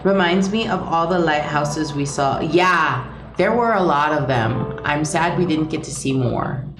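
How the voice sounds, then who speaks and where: A young woman streaming a game, chatting casually and giggling as she thinks out loud. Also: sits low, unhurried. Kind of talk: casual gameplay commentary. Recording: roomy echo with clear game music.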